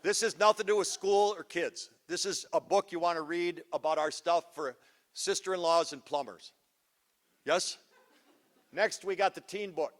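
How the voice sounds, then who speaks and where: A middle-aged man giving a live parenting talk to an audience, joking, goofy and energetic, teasing the crowd. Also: a little high, moderate pace. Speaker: parenting seminar speaker. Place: school event before a live audience.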